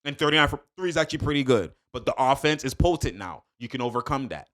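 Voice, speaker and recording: A man's voice: mid-range voice, lively intonation, fast talker, a bit bright. A man giving a casual, emphatic basketball breakdown, full of slang, repeating points and talking straight to his viewers. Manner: emphatic, fired-up, heavy slang, addresses viewers directly. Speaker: sports commentator.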